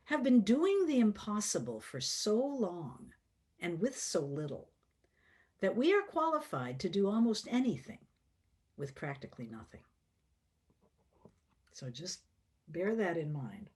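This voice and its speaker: A middle-aged woman song leader on a video call, reading a poem and teaching a song in a slow, gentle, reflective way. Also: fairly low pitch, breathy edge.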